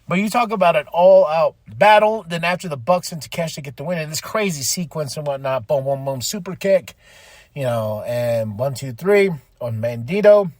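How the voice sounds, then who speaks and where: A man hosting a podcast, giving an excitable, casual recap of a wrestling show and acting out the wrestlers' lines. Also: on the high side, moderate pace, no room sound. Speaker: podcast host.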